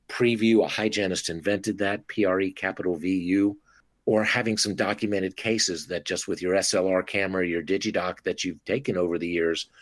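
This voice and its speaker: A dentist appears as a guest on a podcast interview, speaking in a deep voice with animated expressiveness as he acts out conversations with patients. The audio is dry, with no room sound.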